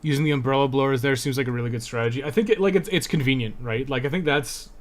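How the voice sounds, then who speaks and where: A young man with a medium-pitched voice talks fast as he live-streams a speedrun from a room at home. His commentary is casual, thought out loud and full of fillers.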